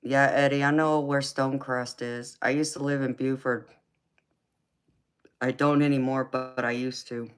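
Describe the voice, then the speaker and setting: Her voice is very deep, clear and resonant, delivered flatly over faint background music. She's a Georgia Southern woman running a late-night live tarot stream, chatting easily as she reads out viewer comments in a laid-back, slow drawl. She laughs a lot and calls people honey and baby.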